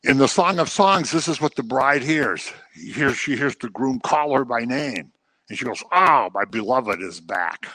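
A man's voice: medium pitch, normal speed, fairly bright tone, no room sound. A man teaching the Bible in a conversational way, telling the stories and acting out the people he quotes. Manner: informal, with fillers and restarts. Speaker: preacher.

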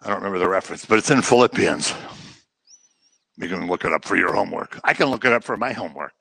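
A man's voice: low-pitched, lively intonation, fast, gravelly, pushed and bright, husky, dry recording. A man teaching through a Bible passage verse by verse, conversational and explanatory with humorous asides.

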